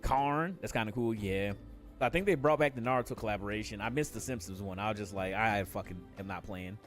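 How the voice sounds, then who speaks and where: Laid-back, swearing gamer streamer. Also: male voice, lowish voice, fast talker, soft background music. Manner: relaxed, profane, laughs often. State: has a headache. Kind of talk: casual live stream chat while gaming.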